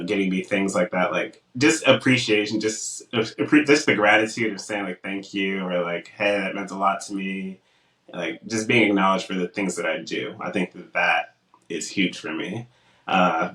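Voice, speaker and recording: A man's voice: low voice, echoey room, far from the mic, poor audio. A young man co-hosting a casual podcast, telling stories and acting out what people said to him. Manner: animated storytelling, acts out quotes. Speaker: podcast co-host.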